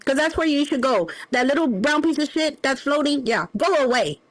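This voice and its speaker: High-voiced woman ranting, profane. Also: lively intonation, no room sound. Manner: profane, confrontational, drawn-out insults. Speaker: livestream host. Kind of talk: heated livestream rant.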